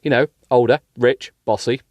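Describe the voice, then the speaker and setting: A man's voice: mid-range voice, fairly even intonation, normal speed, a little mellow, no room sound, highs cut off, lightly acted. A man reading the part of a tipsy young woman on a plane, in a cheeky, teasing way.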